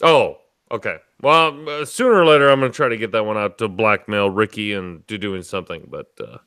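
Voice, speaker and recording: A man's voice: lowish voice, brisk, sharp tone, clear, resonant tone, no room sound, studio quality. A man hosting a casual livestream chat, boisterous and tipsy, swearing and laughing as he talks. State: tipsy from drinking. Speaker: podcast host.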